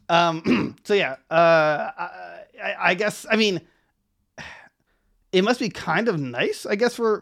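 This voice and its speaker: A man's voice: fairly high pitch, vocal fry, a bit bright. A man co-hosting a podcast, chatting casually and rambling with many restarts and laughs. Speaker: podcast co-host.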